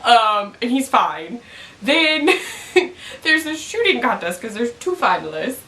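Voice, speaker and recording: A woman's voice: on the high side, sing-song, takes it slowly, pushed and bright. A young woman casually recapping a TV episode, chatty and giggly, filling her talk with "like". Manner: chatty, giggly, many "like" fillers. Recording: echoey room, mic at a distance.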